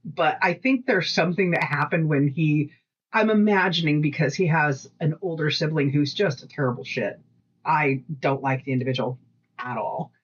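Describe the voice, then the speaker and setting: Woman co-host, husky voice, casual rambling chat, recorded lo-fi. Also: low voice, normal speed. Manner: rambling storyteller, lively quoted voices. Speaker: podcast co-host.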